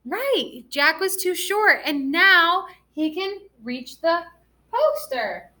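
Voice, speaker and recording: Slow bright-voiced woman teaching children. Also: extremely high pitch, sing-song. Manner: slow, gentle, encouraging with questions. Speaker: first grade teacher. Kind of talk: recorded remote reading lesson for children.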